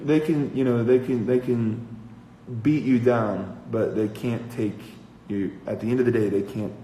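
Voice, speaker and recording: A man's voice: mid-range voice, fairly even intonation, measured pace, roomy sound, slight background noise, rough recording. Man sketching a song aloud, singing fragments. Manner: muses aloud, then sings trial lines over music; soft, trailing speech between sung phrases. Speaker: musician. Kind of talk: songwriting livestream, thinking aloud.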